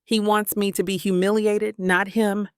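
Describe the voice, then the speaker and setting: A woman's voice: mid-range voice, little pitch movement, unhurried, clear, resonant tone, no room sound, studio quality. A woman narrating a first-person romance audiobook, reading dramatically. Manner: dramatic, voices characters' lines with emotion.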